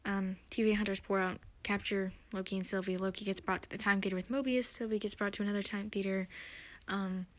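A woman's voice: medium pitch, fairly even intonation, brisk, few pauses, dry recording. A woman hosting her own podcast, recapping a TV episode in a chatty, rambling way with many fillers and restarts. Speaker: podcast host.

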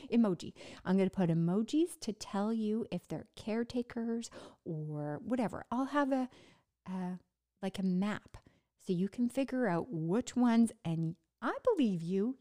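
Slow, halting woman with a mellow voice. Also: mid-range voice, lively intonation. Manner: halting, word-finding pauses and restarts, laughing at herself. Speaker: podcast host recovering from brain injury. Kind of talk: casual personal monologue.

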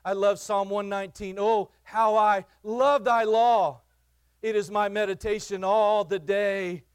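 A man preaching a sermon in a church as pastor, impassioned and repetitive, swinging from loud declarations to quiet asides. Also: high-pitched, steady tone, a little slow, clean tone, no room sound, studio quality.

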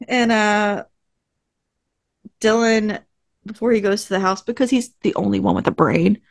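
A woman's voice: mid-range voice, animated, measured pace, gravelly, dry recording, studio quality. A woman co-hosting a podcast, casually retelling TV episode scenes and acting out the characters' lines. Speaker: podcast co-host. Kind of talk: casual recap chat.

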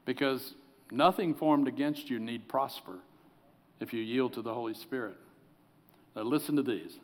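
A man preaching a sermon as pastor, earnest, sometimes dropping to soft, pleading tones. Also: medium pitch, normal speed. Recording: long hall reverb.

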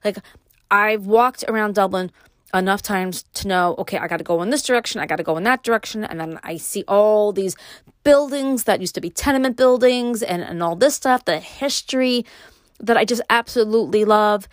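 A middle-aged woman with a Brooklyn accent hosting her own podcast, talking alone in a casual, rambling way with many pauses and restarts. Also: mid-range voice, dry recording, studio quality. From New York. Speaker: podcast host. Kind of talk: casual solo podcast monologue.

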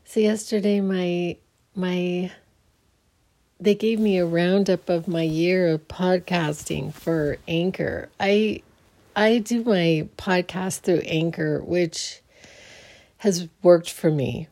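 In a slow, fairly low voice with a dark tone, a sleepy early-morning podcast host chats casually by herself. Her talk rambles, full of restarts.

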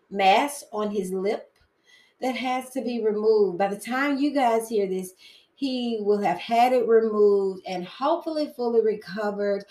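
A woman's voice: medium pitch, echoey room, poor audio. A woman hosting her own podcast, chatty and prone to tangents, talking about her faith. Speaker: podcast host. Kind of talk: casual solo podcast talk.

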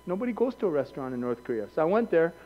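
A man preaching a sermon, moving from quiet storytelling to shouted passion. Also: on the high side, big pitch swings, very fast. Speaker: pastor. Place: church hall. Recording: dull, long-echo church sanctuary.

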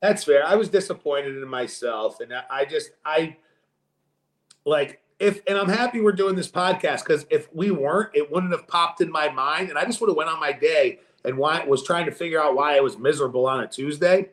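A man co-hosting a podcast, telling a story in casual chat with a lively, profane manner. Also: a little high, moderate pace, roomy sound. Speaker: podcast co-host.

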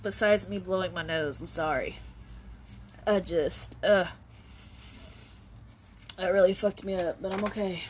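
Give me a laid-back woman host with a slightly low voice, chatting slowly and casually, slangy and full of fillers. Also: heavy background noise. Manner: slangy, swears, many "like" fillers. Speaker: podcast host. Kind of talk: casual storytelling.

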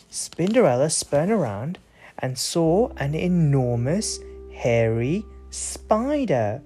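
Expressive woman reading a bedtime story. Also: deep voice, takes it slowly, soft background music. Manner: expressive, gently chatting with the child. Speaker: parent reading to a child.

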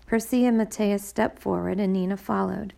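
Woman with a gravelly audiobook voice. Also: mid-range voice, fairly even intonation, normal speed, dark tone. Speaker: audiobook narrator. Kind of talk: audiobook narration.

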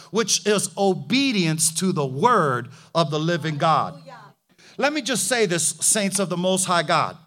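A man's voice: sits high, sharp tone. A man preaching a sermon in an emphatic, rhetorical way, calling out hallelujah and asking for an amen.

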